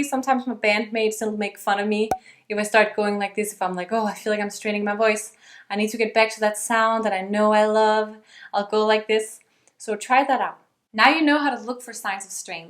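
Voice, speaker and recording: A young woman giving a friendly vocal lesson to camera as a singing teacher. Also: a little high. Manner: friendly, demonstrates sung and yelled examples.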